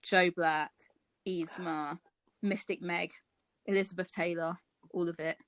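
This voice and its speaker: A woman's voice: lowish voice, fairly even intonation, unhurried, fairly bright tone, no room sound. Woman, podcast co-host, casual chat, theatrical and gushing, dry close sound. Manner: gushing and theatrical, with gasps and cackles.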